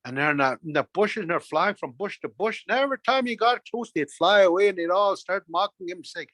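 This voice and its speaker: A man's voice: high voice, animated, brisk, hardly any pauses, fairly bright tone, no room sound. Man telling a folk tale, repetitive rhythm. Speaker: storyteller. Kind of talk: oral folk storytelling.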